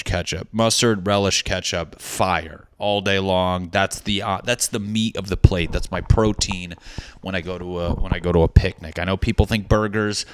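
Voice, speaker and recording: A man's voice: low-pitched, clear, resonant tone, dry recording, studio quality. A man hosting a solo comedy podcast, rambling and joking crudely with many restarts. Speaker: podcast host.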